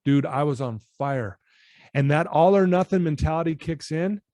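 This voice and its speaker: A man in his fifties, a personal-development coach, telling a personal story to a podcast host in an earnest, animated way. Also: a little high, normal speed, no echo.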